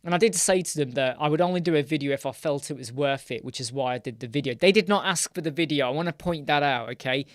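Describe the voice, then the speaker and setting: A man hosts a live question-and-answer stream, talking loosely and thinking aloud as he works through a screen demo. He breaks off to greet viewers by name and then picks his point back up. His voice sits a little high, and the sound is dry and close. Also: fast, few pauses, no echo. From United Kingdom. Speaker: host of a live web design Q&A.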